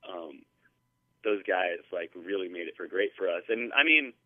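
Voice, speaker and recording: A man's voice: deep voice, animated, normal speed, no room sound. A male musician guest telling stories in a casual interview, rambling with lots of fillers and restarts. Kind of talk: casual interview over the phone. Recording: tinny phone line, dry.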